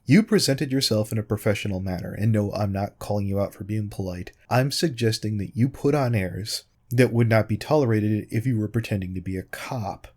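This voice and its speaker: Speaking fairly quickly with few pauses, this man has a fairly low, slightly mellow voice. In his commentary video he takes on a critic head-on, sarcastic and pointed, using the person's name over and over.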